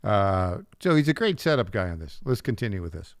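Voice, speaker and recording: A man's voice: lowish voice, big pitch swings, brisk, dry recording, studio quality. A man hosting a political talk radio show, making wry asides and chuckling at his own jabs as he introduces clips.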